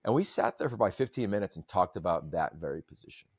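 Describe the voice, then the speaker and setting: A man hosting a podcast, telling stories in a long-winded, animated way. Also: low voice, fast, husky, dry recording, studio quality. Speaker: podcast host. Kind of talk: casual chat.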